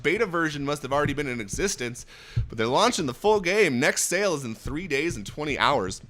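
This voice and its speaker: A man in his thirties hosting a casual livestream, energetic and jokey, swearing and laughing often. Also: medium pitch, fairly quick. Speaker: host.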